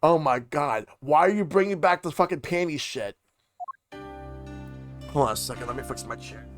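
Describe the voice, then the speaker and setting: Male streamer, slightly high voice, reads game dialogue aloud with voices; faint music behind. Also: animated, moderate pace. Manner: voices each character, drops into casual asides.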